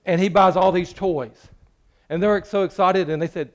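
A man preaching a sermon in a church, joking with the congregation and swinging between loud and hushed. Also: high-pitched, fairly even intonation, normal speed. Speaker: pastor.

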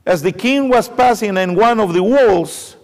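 A man preaching a sermon, retelling a story with animated, repetitive emphasis. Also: high-pitched, measured pace. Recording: long reverb of a hall.

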